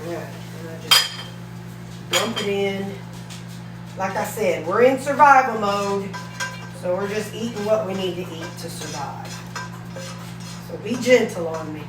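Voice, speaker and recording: A woman's voice: mid-range voice, animated, unhurried, long pauses, distant mic. A woman, chatting casually in a home kitchen as she cooks, folksy and talkative. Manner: chatty, folksy, talks while cooking. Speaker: weight-loss vlogger. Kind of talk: casual cooking vlog. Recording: echoey kitchen with faint sizzling.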